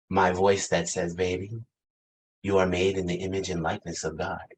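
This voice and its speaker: A man's voice: lowish voice, poor audio. A man in his fifties preaching a reflective sermon, asking the congregation questions and laughing lightly between thoughts. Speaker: pastor.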